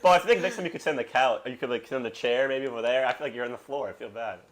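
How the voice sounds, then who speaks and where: A man's voice: medium pitch, rapid-fire. A young man from Brooklyn, hosting a podcast and telling rambling, profane stories in casual chat. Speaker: podcast host.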